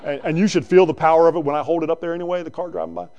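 A male preacher giving a conversational sermon that swings between loud bursts and quiet asides. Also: fairly high pitch, fairly even intonation, racing, muffled recording.

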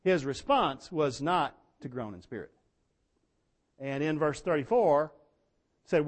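Man preaching a sermon, folksy storyteller, fairly high voice, loud emphatic bursts. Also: lively intonation, takes it slowly.

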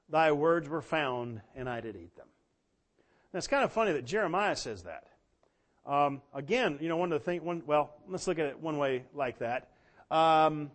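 Man preaching a bible study. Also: on the high side. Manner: conversational, many fillers, reads scripture slowly and emphatically. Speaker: pastor. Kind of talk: bible teaching sermon.

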